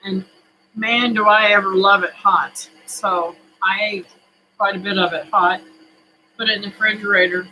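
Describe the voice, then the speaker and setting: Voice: mid-range voice, fairly even intonation, moderate pace, pushed and bright, a little hiss or hum, poor audio. A homesteading vlogger chatting casually to camera in a home kitchen, folksy and rambling, with many fillers.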